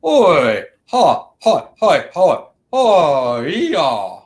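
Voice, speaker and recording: A man's voice: a little high, huge pitch swings, extremely slow, full character voice. A man imitating jabbering forest creatures. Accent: Southern US, Alabama. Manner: repeated clipped syllables, rising whoops. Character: two unseen creatures jabbering in the woods.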